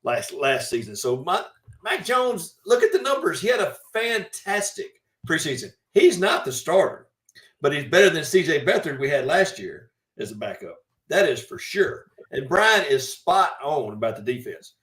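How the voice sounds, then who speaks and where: A man on a sports podcast panel, talking in a measured way, as if thinking aloud. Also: a little high, big pitch swings, a bit bright, far from the mic. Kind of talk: casual sports chat. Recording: echoey room, away from the mic.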